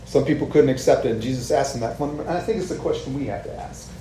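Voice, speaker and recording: Speaking fast in a dark, medium-pitched voice, this pastor keeps his sermon relaxed and chatty, frequently checking in with the congregation by asking "right?" Faint ambient noise sits in the echoey room.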